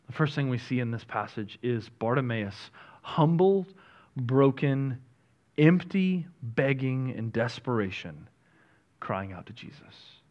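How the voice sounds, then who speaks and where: A man preaching a sermon as a pastor, talking in a conversational, self-deprecating way that moves between quiet and energetic stretches. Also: medium pitch, unhurried, highs cut off.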